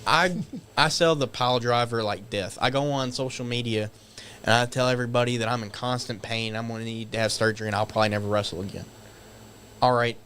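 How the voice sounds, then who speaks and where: A man guest on a podcast, telling stories casually, animated and swearing, acting out shouted quotes. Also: mid-range voice, fast, a little hiss or hum. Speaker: guest wrestler. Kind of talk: casual storytelling.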